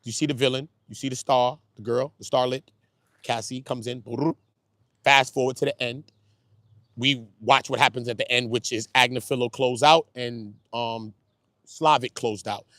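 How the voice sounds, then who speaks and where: A man with a Brooklyn accent, a YouTube commentator in a slangy, emotional monologue, swinging from low, quiet talk to loud, high outbursts and often asking if you hear him. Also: steady tone, moderate pace, no room sound, studio quality. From Brooklyn, New York. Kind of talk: emotional casual monologue to camera.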